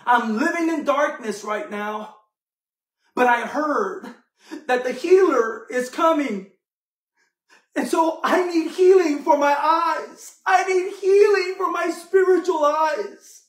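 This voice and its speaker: A man voicing a desperate blind male beggar who pleads and shouts in a high, strained voice. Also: slow pace. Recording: echoey room, mic from afar.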